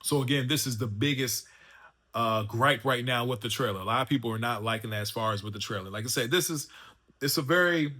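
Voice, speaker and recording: A man reviews a film in an easygoing, chatty way, often circling back with fillers and restarts. His voice is bright and forceful and sits at an ordinary middle pitch. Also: fairly quick. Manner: loose and chatty, full of fillers and restarts like "man" and "you know what I'm saying". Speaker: movie reviewer and channel host. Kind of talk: casual spoken review.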